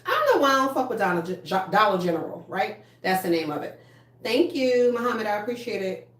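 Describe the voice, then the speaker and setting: A woman's voice: mid-range voice, sing-song, a little fast. A woman in her thirties hosting a casual livestream, chatting bluntly with lots of cursing and reading viewer comments. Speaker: livestream host. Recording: echoey room.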